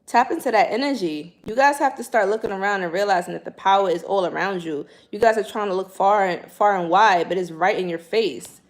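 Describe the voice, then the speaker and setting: A woman's voice: mid-range voice, a little fast, few pauses. Slangy New woman chatting to viewers. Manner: slangy, animated, addresses viewers directly. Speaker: spiritual livestream host. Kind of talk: casual livestream chat.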